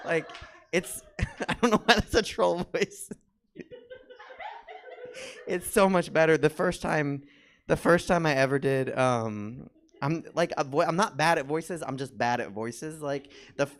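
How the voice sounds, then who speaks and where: Young man, stand-up comedian, rambling, filler-heavy, middle pitch. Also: unhurried, a bit bright. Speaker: stand-up comedian and drag performer. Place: comedy theater stage.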